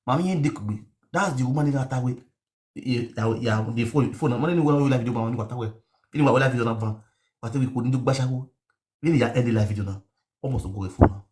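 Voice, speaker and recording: Man, nigerian accent, pidgin storytelling, repetitive, animated. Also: medium pitch, fast. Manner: mixes pidgin and local language, repetitive, animated. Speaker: online show host. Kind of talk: rambling live-stream storytelling.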